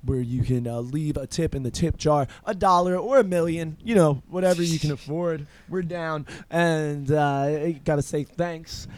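A man's voice: fairly high pitch, moderate pace, few pauses, a little mellow. Profane laughing male podcast host. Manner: profane, laughing storyteller who acts out quotes. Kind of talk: casual chat.

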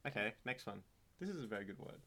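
An Australian man chatting on a podcast, his voice gravelly with a bit of fry. His pitch swings around a lot as he jokes and slips into mock narration. He keeps it loose and playful. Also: lively intonation, fast, sharp tone. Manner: jokey, riffs with mock story narration. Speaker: podcast co-host. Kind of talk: casual podcast chat.

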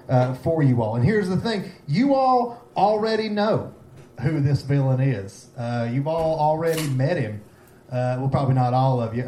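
A man doing a stand-up comedy set, rambling and excitable, jumping from one thought to the next. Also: medium pitch, slight background noise. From Gate City, Virginia. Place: comedy club stage. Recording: echoey room, faint ambience.

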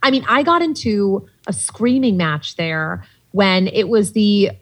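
Female guest, husky, casual storyteller, salty and animated, filler-heavy delivery. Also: mid-range voice, unhurried. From Boston, USA. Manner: animated, swears freely, many "like" fillers. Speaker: podcast guest.

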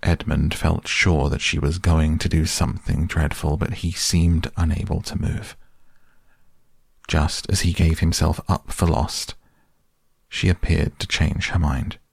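A man reading a storybook aloud as narrator, in a measured, deliberate way. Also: extremely low pitch, level tone, vocal fry, breathy edge, no room sound, studio quality.

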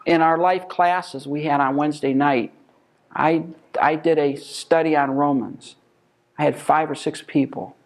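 A man's voice: a little high, steady tone, a little slow. Emphatic man teaching a Bible class. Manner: emphatic, asks rhetorical questions.

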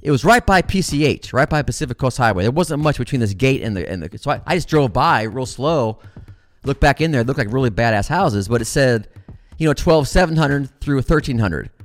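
A middle-aged man telling a story in a casual, animated way, swearing freely and calling his listeners guys. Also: medium pitch, brisk, dry recording, soft background music.

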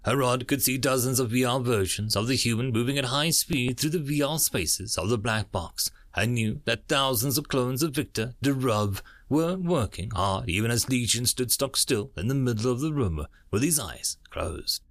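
Brief: male audiobook narrator, animated pitch, dry close sound. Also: moderate pace, no room sound. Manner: animated narration with many voiced characters.

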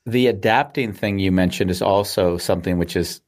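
A man's voice: sits low, a little fast. A man hosting a podcast interview, asking probing questions and relating the guest's story to his own life. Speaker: podcast host. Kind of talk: conversational interview.

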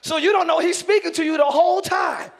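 A man pastor preaching a sermon in church, animated, acting out voices and shouting for emphasis. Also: very high-pitched, fairly quick, gravelly. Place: church sanctuary.

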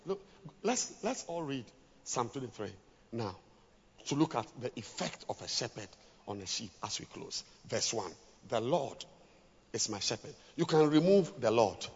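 A man preaching a sermon to pastors, dropping to hushed scripture reading and rising to shouted exhortation. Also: medium pitch, expressive, moderate pace, breathy edge. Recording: lo-fi with long hall reverb.

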